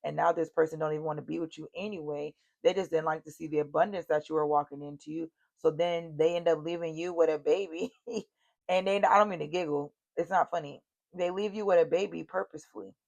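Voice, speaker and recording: A woman's voice: sits low, fairly even intonation, fairly quick, gravelly, darkish tone, muffled recording. A woman giving a casual tarot reading, speaking bluntly and straight to her viewers, cursing freely and repeating her warnings. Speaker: tarot reader.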